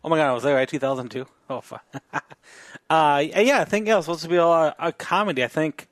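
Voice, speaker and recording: Hesitant, higher-voiced male co-host. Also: fairly quick, no echo, clean studio sound. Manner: hesitant, hedging. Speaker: podcast co-host. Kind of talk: casual chat.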